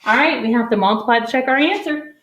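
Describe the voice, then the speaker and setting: A woman's voice: on the high side, fast, fairly bright tone, slight background noise. Playful middle-aged teacher lady walking kids through math, echoey garage sound. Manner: upbeat, playful, talks to kids. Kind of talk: recorded math lesson. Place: home garage.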